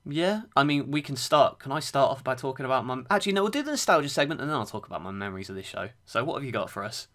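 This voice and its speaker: A man's voice: mid-range voice, big pitch swings, racing, a bit bright. A man co-hosting a wrestling podcast, chatty and eager, thinking aloud as he talks. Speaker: podcast co-host. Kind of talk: casual chat.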